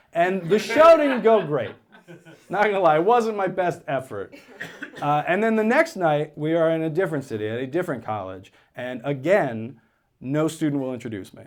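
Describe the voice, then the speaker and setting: A man doing stand-up comedy, telling a story on stage and dropping into flat, low-voiced quotes of other people. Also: moderate pace. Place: theater stage with a live audience.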